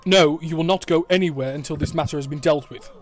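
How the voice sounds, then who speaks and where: A man voicing a stern, dutiful temple guard who speaks formally and slowly, over an online call. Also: fairly high pitch, natural voice. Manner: formal, stern, slow and measured.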